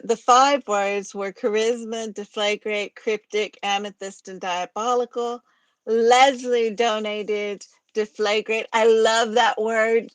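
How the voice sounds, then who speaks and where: A woman's voice: medium pitch, a bit bright, no echo. Woman, East Texas accent, casual co-host chat, dry close sound. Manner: laughs often, explains rules plainly. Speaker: poetry society co-host. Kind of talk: casual live-stream chat.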